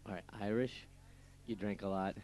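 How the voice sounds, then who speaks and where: A man's voice: fairly low pitch, fairly even intonation, moderate pace, a little mellow. Stammering young man rambling on radio. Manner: rambling, stammering storyteller who laughs at his own jokes. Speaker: radio show co-host. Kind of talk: casual radio banter.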